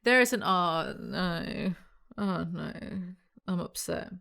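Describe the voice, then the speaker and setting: British girl reading a book out loud n roasting it, sarcastic, laughs a lot. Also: fairly low pitch, expressive, slow, vocal fry. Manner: sarcastic, wry and self-mocking, laughs often. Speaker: YouTuber. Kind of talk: reading a novel aloud with comic commentary.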